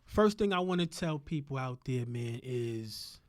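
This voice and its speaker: A man's voice: medium pitch, lively intonation, measured pace. A man hosting a casual podcast, preaching with rhetorical questions and a constant "you know what I'm saying". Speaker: podcast host.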